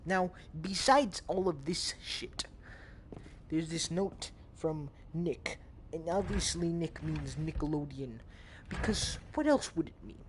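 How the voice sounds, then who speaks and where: A man's voice: a little high, takes it slowly. Young guy goofing around in a vr game, rambly jokey commentary, cusses a lot, bit of faint hiss behind. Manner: joking, rambling, swearing. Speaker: gamer. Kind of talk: casual VR gameplay commentary.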